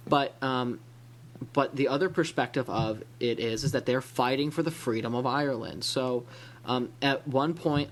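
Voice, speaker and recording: Rambling American man podcasting. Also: medium pitch. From Illinois-Wisconsin area, USA. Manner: rambling, many restarts and fillers. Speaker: podcast host. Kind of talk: casual podcast chat about comics.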